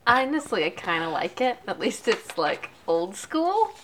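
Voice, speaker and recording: A woman co-hosts a casual podcast, answering with quick, sarcastic quips. Her mid-pitched voice swings up and down a lot as she talks. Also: very animated, fairly bright tone, rough recording. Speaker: podcast co-host. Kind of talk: casual chat.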